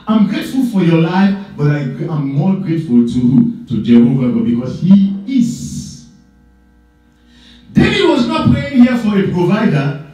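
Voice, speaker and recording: A man preaching a sermon as pastor, emphatic and repetitive, swinging between loud stresses and low asides. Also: big pitch swings, normal speed, soft background music. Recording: echoey church hall, mic at a distance.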